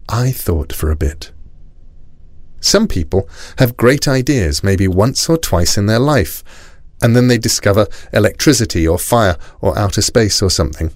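A man reading a children's storybook aloud, expressive and playful. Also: fairly low pitch, normal speed, no room sound, studio quality.

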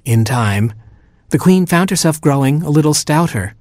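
A man reading a story aloud in a wry, gently humorous way. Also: a little high, lively intonation, normal speed, dry recording, clean studio sound.

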